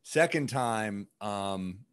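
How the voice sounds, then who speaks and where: A comedian telling stories over drinks in casual chat, acting out quotes and swearing freely. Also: male voice, lowish voice, drawn-out words, clean tone, no echo, clean studio sound. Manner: animated storyteller, acts out quotes loudly, swears freely. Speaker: comedian guest. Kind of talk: casual bar chat, storytelling. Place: bar, drinking on camera.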